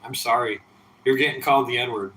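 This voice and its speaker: A man's voice: mid-range voice, steady tone, fairly quick, bright, forceful tone, roomy sound, slight background noise, low-quality recording. A man in his thirties streaming late at night, drinking and a bit tipsy, talking in a profane, rambling, defiant way. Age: 30s. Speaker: livestreamer. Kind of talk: casual late-night livestream chat.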